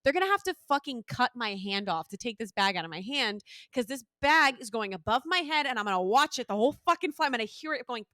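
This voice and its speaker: A woman's voice: a little high, big pitch swings, fast, few pauses, sharp tone, no room sound, clean studio sound. A young woman co-hosting a podcast, chatting casually and animatedly, swearing freely and acting out the people in her stories. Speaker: podcast co-host. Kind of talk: casual chat.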